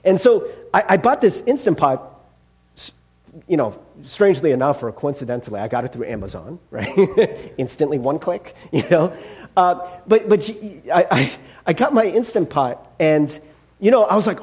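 A man's voice: a little high, sing-song, moderate pace, darkish tone. A middle-aged male pastor giving a casual, conversational sermon, chatty and self-deprecating, with lots of fillers and rhetorical "right?" checks.

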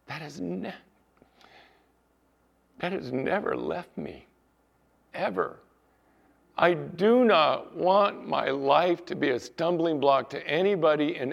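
Male pastor preaching, gravelly voice kinda high, dull lo-fi recording. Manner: emphatic preaching, drops to soft storytelling. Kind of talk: sermon. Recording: dull lo-fi sound.

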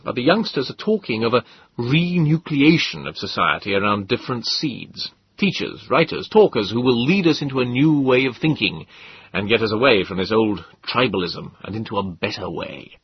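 A man voicing an earnest, persuasive middle-aged male government official in an audiobook, lecturing in a husky voice. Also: mid-range voice, sing-song, normal speed, a little hiss or hum. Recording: dull lo-fi dry audiobook.

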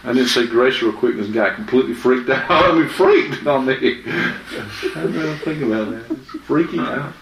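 A man's voice: medium pitch, moderate pace, a bit bright, a little hiss or hum. A man giving informal Bible teaching in a chatty, anecdotal way, often laughing. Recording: echoey room with faint ambience.

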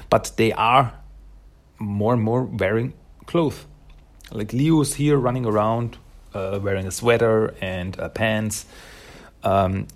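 A man casually reviewing a comic, rambling, with frequent hesitations. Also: lowish voice. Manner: rambling, with frequent fillers and laughs.

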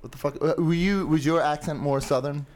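A man's voice: on the high side, a little fast, a little mellow. A man in casual podcast chat, making wry, dry jokes. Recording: noisy podcast mic with clicks.

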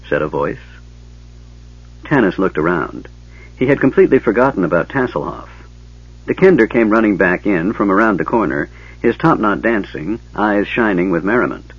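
A man narrating an audiobook in an expressive storytelling manner. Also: low-pitched, normal speed, husky, dry recording. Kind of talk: scripted narration. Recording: dull lo-fi tape, dry.

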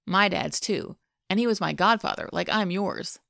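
A woman voicing a protective adult man who speaks gently to a frightened child. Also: medium pitch, moderate pace, creaky, no echo, clean studio sound. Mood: tender. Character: adult man, protective godfather, tense but tender.

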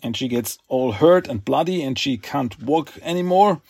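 A man hosting a podcast, recapping a comic book in a rambling, halting way with fillers. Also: medium pitch, expressive, a little mellow, slightly rough, no room sound, clean studio sound. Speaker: podcast host.

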